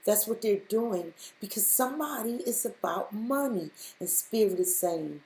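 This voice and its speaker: A woman reads tarot in an animated, mid-range voice with a dark tone and a moderate pace. The recording has a roomy echo. She addresses the listener head-on, stressing and repeating what she says.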